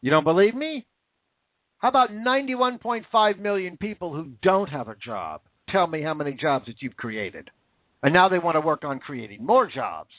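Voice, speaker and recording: A man's voice: on the high side, very animated, normal speed, no echo. A man hosting a show, ranting in angry, sarcastic political commentary. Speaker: podcast host. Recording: tinny phone-like dry audio.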